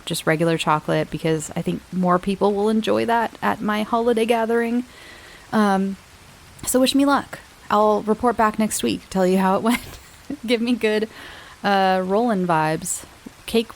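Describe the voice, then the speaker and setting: A woman's voice: fairly low pitch, gravelly, slight background noise, low-quality recording. A woman hosting a podcast, talking in a chatty, rambling way and laughing often. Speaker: podcast host. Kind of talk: casual chat.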